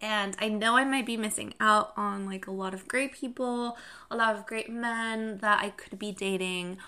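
A young woman from Mexico hosting a podcast, talking in a chatty, animated, self-deprecating way. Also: medium pitch, normal speed, clean tone. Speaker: podcast host. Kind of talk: casual monologue.

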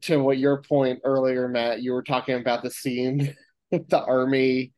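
A man's voice: mid-range voice, level tone, moderate pace, a little mellow, no echo. A man co-hosting a podcast, retelling TV scenes in casual chat and laughing often. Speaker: podcast co-host. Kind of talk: casual chat recapping a TV episode.

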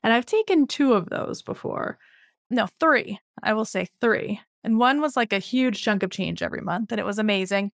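A woman's voice: medium pitch, normal speed, creaky, dry recording, studio quality. A woman hosting a podcast interview, chatty and reflective, often checking "you know what I mean?". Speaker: podcast host.

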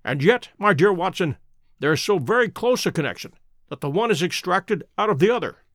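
A man voicing a keen, self-assured detective who speaks crisply and precisely, in a dry close recording. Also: high-pitched, expressive, a little fast, fairly bright tone, no room sound. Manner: crisp, precise and pleased with himself.

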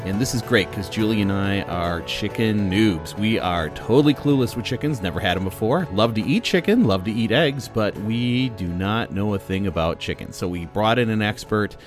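A man's voice: lowish voice, normal speed, few pauses, music in the background. A man hosting a podcast, talking in an upbeat, chatty, folksy way. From US Midwest. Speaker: podcast host. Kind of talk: casual podcast chat.

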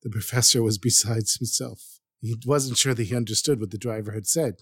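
A man narrating a story in an earnest, expressive storytelling manner. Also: mid-range voice, brisk, husky, no room sound, clean studio sound.

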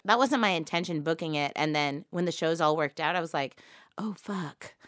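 A woman's voice: low-pitched, a little fast, crowd noise. A woman who is a touring drummer, chatting casually on a podcast, swearing freely and laughing often.

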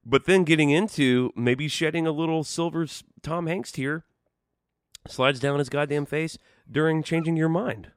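A man's voice: a little high, steady tone, normal speed, clear, resonant tone, no echo, studio quality. A man hosting a podcast, teasing his guest playfully and reading listener emails, with a slight lisp. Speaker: podcast host. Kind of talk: casual podcast chat.

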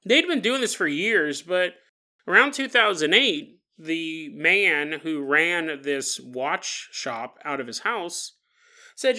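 A man telling a paranormal story on his podcast, his voice swinging freely up and down in pitch. The tone is bright and forward, and he breaks into laughter mid-sentence as he talks. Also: animated, takes it slowly. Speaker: podcast host.

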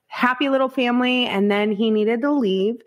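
A woman's voice: fairly high pitch, normal speed. A woman from Iowa, a podcast guest, tells her story frankly and with animation, acting out quotes, swearing and laughing often. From Iowa, United States. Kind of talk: candid storytelling interview.

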